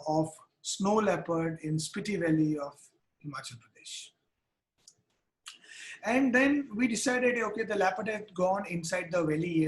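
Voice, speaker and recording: A man, a wildlife photographer telling the story of a field trip in a tutorial, earnest and halting, full of restarts. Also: high-pitched, roomy sound, rough recording.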